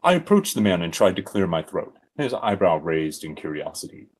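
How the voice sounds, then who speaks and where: A man's voice: low voice, moderate pace, a little hiss or hum. A man giving a comedic dramatic reading of fan fiction, breaking into giggles. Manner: expressive, giggling.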